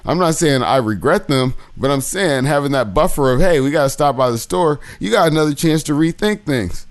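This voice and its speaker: A man's voice: a little high, animated, a little fast. A man hosting a podcast, trading crude jokes and wisecracks in casual banter. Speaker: podcast host.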